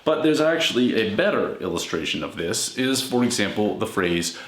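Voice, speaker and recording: A man delivering a scholarly lecture in a measured, explanatory way, often pausing to check in with his listeners. His voice sits fairly low. The room gives it a noticeable echo. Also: sing-song, a bit bright. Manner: measured explanatory delivery with frequent "all right?". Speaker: scholar of religion. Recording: echoey room.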